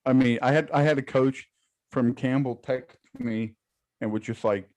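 A man's voice: mid-range voice, fairly even intonation, moderate pace, a little mellow, dry recording. A man co-hosting a casual sports podcast, blunt and given to swearing and repeating words. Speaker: podcast co-host.

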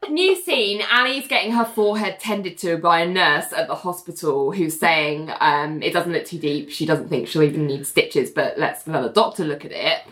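A woman's voice: deep voice, normal speed, hardly any pauses, fairly bright tone, reverberant. A woman co-hosting a podcast, casually recapping a TV episode and acting out the characters' lines. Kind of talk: casual chat.

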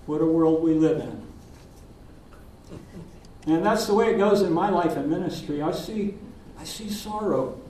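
Older male minister, gentle reflective sermon, mellow tone, heard from across an echoey sanctuary. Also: a little high, lively intonation, far from the mic, a little hiss or hum. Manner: gentle, reflective storytelling with pauses. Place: church sanctuary.

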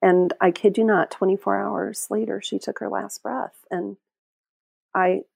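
Heartfelt middle-aged woman, halting speech. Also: medium pitch, little pitch movement, vocal fry, a little mellow, husky, no room sound. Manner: halting, heartfelt, many restarts and trailing phrases. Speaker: interview guest, end-of-life caregiver. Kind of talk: emotional personal storytelling.

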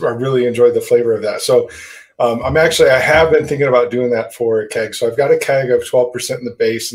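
A man's voice: medium pitch, poor audio. A man chatting casually on a podcast about home brewing, rambling with lots of fillers and casual swearing. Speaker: podcast co-host.

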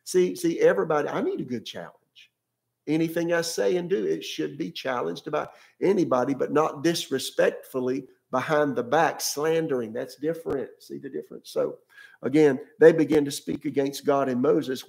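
A man's voice: a little high, normal speed, creaky, darkish tone. A male pastor preaching a sermon in a conversational way, often repeating words and asking his listeners questions.

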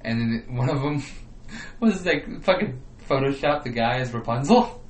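A man's voice: mid-range voice, lively intonation, normal speed. A young man hosting a podcast, telling stories in a laid-back, slangy way with lots of swearing. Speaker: podcast host. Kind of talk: casual chat. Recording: echoey room, faint background hum.

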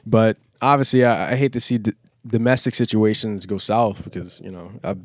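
Man, casual podcast talk, rambling with slang, low voice, dry sound. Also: steady tone, moderate pace, dry recording. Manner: laid-back, rambling, heavy slang. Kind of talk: casual chat.

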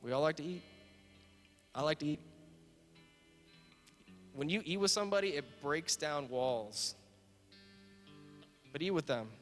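A man's voice: on the high side, measured pace, pauses often. A man preaching as a pastor, earnest and repetitive, building to emphatic points and closing in prayer. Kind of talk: sermon. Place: church sanctuary. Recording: reverberant hall with soft guitar.

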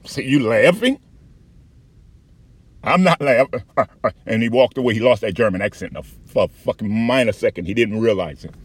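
A man giving a candid, profane personal account with halting restarts and frequent fillers. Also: lowish voice, slightly rough, dry recording. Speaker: patient recounting an experience.

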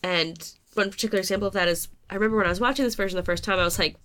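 A woman co-hosting a podcast chats casually while talking through her notes, poking fun at herself and laughing at her own slips. She speaks rapid-fire in a medium-pitched, fairly bright voice.

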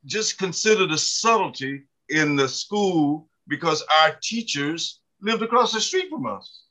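A man in his seventies from the American South's mountains, appearing as an author and guest in a storytelling interview, speaks in a slightly high, sing-song voice at a measured pace. He sounds bright and forceful, though the recording is rough. His stories are folksy and funny, with many fillers.

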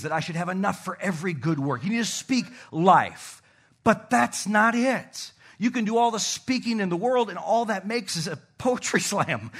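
A male pastor preaching a sermon in church, animated and calling on the congregation to repeat words. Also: a little high, slightly rough.

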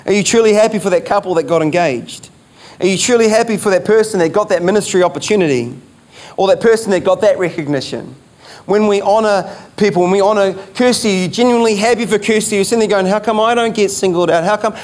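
A man's voice: high voice, quick pace, a little mellow. A man preaching a sermon as pastor, emphatic, repeating key phrases and asking rhetorical questions.

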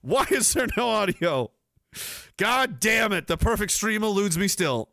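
A sarcastic, foul-mouthed podcast host with a high, bright voice. He rants casually and swings his pitch all over the place, breaking into loud laughter. The sound is dry and close. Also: sing-song, a little slow, gravelly, dry recording. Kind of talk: casual livestream rant.

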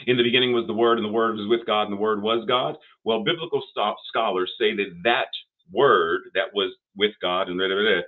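Older male minister, mid-pitched, sermon delivery with emphatic builds, tinny phone-like audio. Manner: preacherly, rising emphatic phrases and pauses.

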